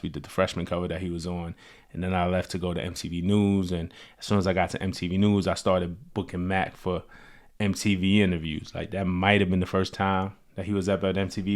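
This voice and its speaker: A man hosting a show, telling personal stories in a relaxed, loose way, full of "like" and "you know.". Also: low voice. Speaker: host. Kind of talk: casual storytelling.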